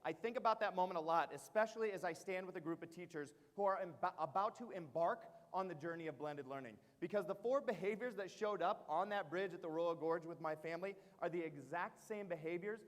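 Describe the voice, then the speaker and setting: A man in his thirties giving a storytelling presentation to teachers, animated and full of "uh" fillers and questions to the audience. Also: high-pitched, brisk, hardly any pauses. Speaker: keynote speaker at teacher training. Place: large hall before an audience. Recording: long hall reverb.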